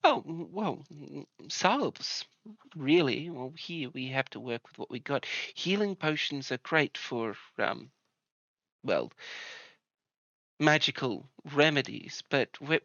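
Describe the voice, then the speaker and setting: A man's voice: medium pitch, animated, slow pace, fairly bright tone, no echo, lo-fi sound. A man voicing a welcoming, chatty female herbalist healer who talks with hesitant fillers. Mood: explaining.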